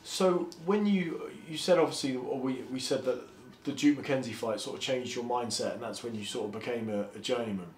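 A man's voice: mid-range voice, a little mellow. Male interviewer, hedging, echoey room. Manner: halting, hedges with "sort of" and "you know". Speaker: interviewer, host. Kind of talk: conversational interview questions. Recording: roomy echo, faint background noise.

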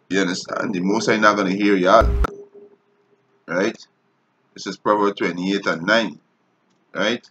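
A man delivers a stern sermon in a somewhat low voice. He reads verses slowly, then breaks off to scold his hearers in plain talk. He keeps checking in with a repeated "you understand?". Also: a bit bright, poor audio. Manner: harsh, scolding. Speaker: street preacher.

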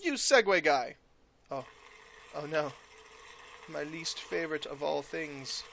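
A man doing gameplay commentary, with loud exaggerated outbursts, yelling and groaning as his character dies. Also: on the high side, lively intonation, slow, vocal fry, a little hiss or hum. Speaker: let's player.

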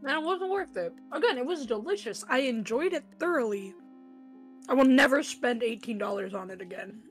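A woman's voice: fairly high pitch, expressive, fairly quick, faint music behind. A woman streamer chatting casually, emphatic and opinionated as she explains her views. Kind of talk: casual chat.

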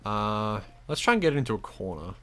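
A man's voice: lowish voice, sing-song, moderate pace, sharp tone. A young man giving giggly, self-mocking live-stream commentary as he plays a game, talking to the screen.

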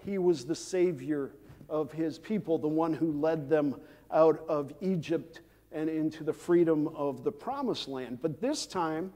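A male pastor delivers a sermon at an unhurried, deliberate pace, his voice sitting a little high for a man. He pauses often with "uh" and slips in dry asides. The sound carries a long reverb from the church sanctuary. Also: warm tone. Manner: measured delivery with frequent "uh" fillers and dry asides.

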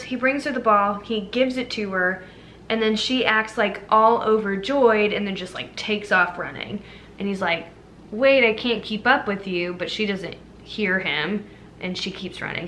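A young adult woman retells a fairy tale for a movie review vlog, chatting casually and filling her speech with fillers. Her mid-range voice is a bit bright, with a little hiss or hum underneath.

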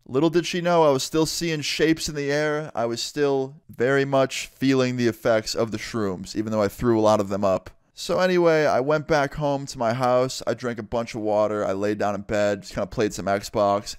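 A man's voice: medium pitch, moderate pace, few pauses, clean tone, dry recording, studio quality. A young man casually telling a story-time vlog, swearing freely and acting out the people in it. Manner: casual, swears a lot, acts out every voice. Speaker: vlogger.

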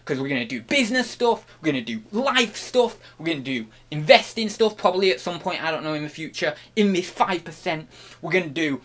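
Playful man, lively bright voice. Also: on the high side. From United Kingdom. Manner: playful and mock-grandiose, swinging between loud outbursts and hushed murmurs; talks while chewing an apple. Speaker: online reseller and channel host. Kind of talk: comic vlog monologue.

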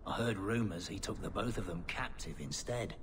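An actor playing a streetwise, wry smuggler in a video game, talking in a gruff, matter-of-fact way. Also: male voice, fairly low pitch, normal speed, big-room sound, slight background noise, natural voice.

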